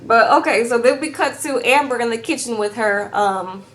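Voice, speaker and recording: In this casual recap chat, a woman runs through a reality show with sass, addressing viewers as "girl" and ending lines with "okay?" She speaks at a moderate pace in a fairly high, slightly bright voice.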